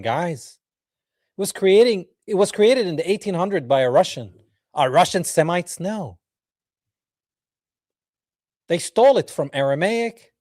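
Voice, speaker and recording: A man hosting a reaction video, commenting in an animated, mocking way, laughing and talking straight to his viewers. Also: on the high side, no room sound, studio quality. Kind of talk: reaction commentary over a played clip.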